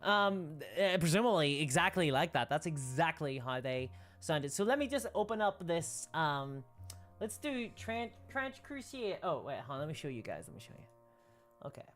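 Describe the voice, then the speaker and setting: A woman's voice: low voice, animated, normal speed, faint music behind. A woman hosting a casual livestream, rambling and laughing often as she reads viewer comments. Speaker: livestream host.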